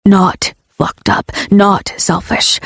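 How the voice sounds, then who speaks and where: Woman reading as a troubled young man, gruff and halting, gravelly rasp, dry close sound. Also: level tone, a bit bright, no echo, full character voice. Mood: strained. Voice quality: low rasping voice.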